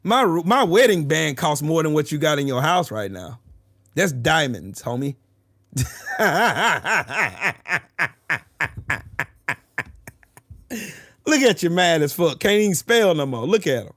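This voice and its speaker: A man's voice: a little high, expressive, slow pace, long pauses, fairly bright tone, no echo, clean studio sound. A man trash-talking his chat on a livestream, taunting and boasting, repeating his jabs over and over. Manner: profane, boastful. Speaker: streamer arguing with chat.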